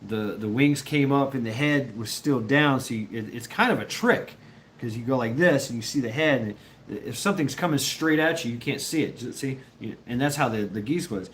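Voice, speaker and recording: A man's voice: mid-range voice, animated, normal speed, fairly bright tone, slight background noise. A man telling a rambling, profane story in casual chat with his viewers, often laughing. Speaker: livestreamer chatting with viewers.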